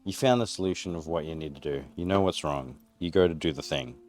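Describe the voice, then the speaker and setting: A man's voice: very deep voice, fast talker, darkish tone, faint music behind. An Australian man streaming live from his home garage, chatting casually and candidly in a rambling way while he cooks. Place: single-car garage at home.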